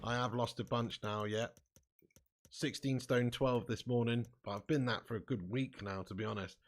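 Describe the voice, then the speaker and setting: A man's voice: medium pitch, steady tone, normal speed. A man live-streaming a football game, bantering casually with his chat, reading out comments and swearing freely.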